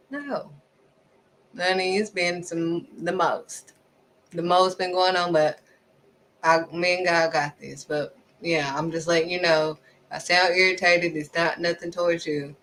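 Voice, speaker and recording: Animated woman preaching self-knowledge. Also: lowish voice, a little slow, long pauses, rough recording. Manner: animated, acts out little back-and-forth exchanges; direct, preachy, repeats questions at the listener. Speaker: faith vlogger. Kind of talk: casual motivational talk.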